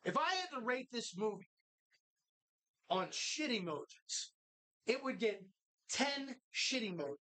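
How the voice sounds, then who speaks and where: A co-host on a live talk show recorded in a bar, swearing constantly while retelling a movie in animated detail. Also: medium pitch, unhurried, long pauses. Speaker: podcast co-host.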